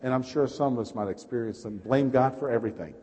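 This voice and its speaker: A male pastor with a New York accent delivers a passionate, story-driven sermon in a mid-pitched voice. He keeps calling out to the congregation. A long echo from a large church hall follows his words. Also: fast, a little mellow, breathy edge. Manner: passionate storytelling preacher, calls out "Amen?". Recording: reverberant hall.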